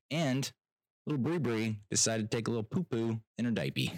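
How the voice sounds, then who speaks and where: A man's voice: fairly low pitch, brisk, dry recording, studio quality. A young man telling a travel story as a casual rant, exasperated and sarcastic, laughing often and swearing.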